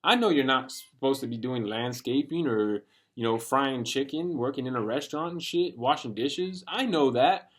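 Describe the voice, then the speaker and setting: Brief: man at a mid-range pitch delivering a heated, cuss-heavy pep talk to camera. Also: moderate pace, a bit bright. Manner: passionate, profane, street slang. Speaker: vlogger. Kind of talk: casual motivational rant to camera.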